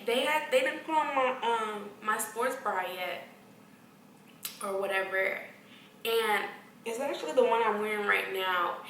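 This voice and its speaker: A woman vlogging in a casual, unfiltered way, her voice bright and fairly high, swearing freely and playing out both sides of conversations. She sits back from the mic in an echoey room. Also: distant mic, slight background noise. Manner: blunt, profane, acts out quoted exchanges. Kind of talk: casual storytelling to camera.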